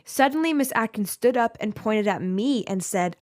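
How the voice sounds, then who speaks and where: A young woman tells a scripted first-person story with a fairly high voice. She reads the quoted people in her own voice with only small shifts. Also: expressive, measured pace, hardly any pauses. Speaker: story narrator.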